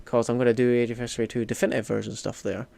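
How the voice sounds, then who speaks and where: A young Scottish man streams a strategy game, casually reading chat and firing back with jokey, mock-indignant outbursts. His medium-pitched voice is gravelly and flat in delivery, racing along as he alternates between mumbling and loud mock outrage.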